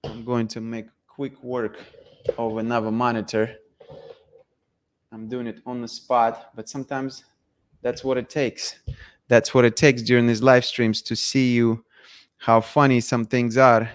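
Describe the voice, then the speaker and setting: A man's voice: mid-range voice, little pitch movement, a little slow. A man hosting a live stream, chatting casually to viewers while he sets up screen sharing and repeats himself.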